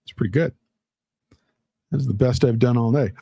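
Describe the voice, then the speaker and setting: A man's voice: mid-range voice, moderate pace, gravelly, pauses often, mellow, slightly rough, no echo. A man hosting a casual livestream, reading out chat comments in a rambling, playful way with lots of fillers. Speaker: livestream host.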